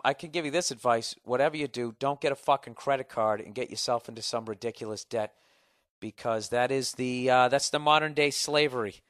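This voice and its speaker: A man's voice: medium pitch, fairly bright tone, no echo, clean studio sound. A man hosting a casual solo podcast, ranting with constant swearing and reading listener letters aloud. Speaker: podcast host.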